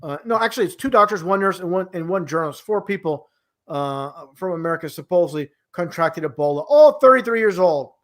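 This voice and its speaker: In a high-pitched, expressive voice, a male guest talks fairly quickly during a casual conversation. He goes on at length, rambling with many restarts and an air of incredulity.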